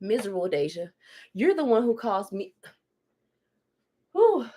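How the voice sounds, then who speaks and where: A woman's voice: mid-range voice, very animated, a little slow, warm tone, slightly rough. A woman vlogger ranting candidly while she cooks in her home kitchen, blunt and heavy on profanity. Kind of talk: candid rant while cooking.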